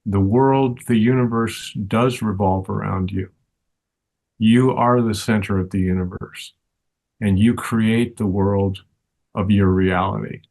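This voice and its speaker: An older man talks with unhurried calm, lingering on each thought and restarting phrases as he answers. His voice sits low, and he speaks as a teacher explaining ideas he believes in. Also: gravelly. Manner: slow, earnest and reflective, with restarts. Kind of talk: reflective interview answers.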